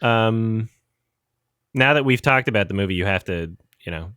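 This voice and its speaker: A man's voice: fairly low pitch, lively intonation, moderate pace, pushed and bright, smooth, dry recording, studio quality. A man co-hosting a podcast, sarcastic and laughing often, with frequent swearing as he reads out plugs. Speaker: podcast co-host. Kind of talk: casual podcast chat.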